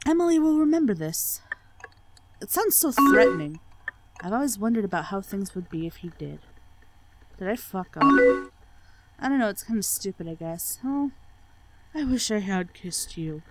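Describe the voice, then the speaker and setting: A woman's voice: mid-range voice, animated, normal speed, over music, rough recording. A woman doing game playthrough commentary, sarcastic and swearing freely as she reads the on-screen chat aloud. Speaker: let's play gamer.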